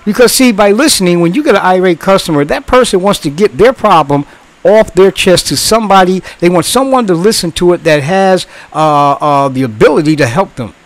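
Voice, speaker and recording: A man's voice: high-pitched, lively intonation, a little fast, rough recording. A man in his sixties who once worked in customer service, bluntly lecturing in a casual monologue, swearing and repeating himself. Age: 60s.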